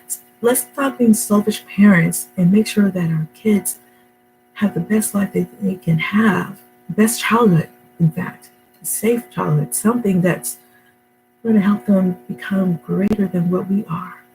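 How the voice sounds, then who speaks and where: A woman's voice: mid-range voice, measured pace, darkish tone, soft background music, poor audio. A middle-aged woman talking casually to camera at home, rambling and emotional, with many fillers and restarts. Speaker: vlogger. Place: her home, indoors.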